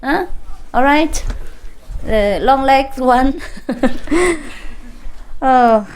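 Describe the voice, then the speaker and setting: Slow-talking woman telling a joke. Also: high-pitched, lively intonation, darkish tone, a little hiss or hum. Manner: chatty, searching for words with many fillers; laughs often between lines. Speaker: speaker addressing an audience. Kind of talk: informal talk to a live audience, telling a joke.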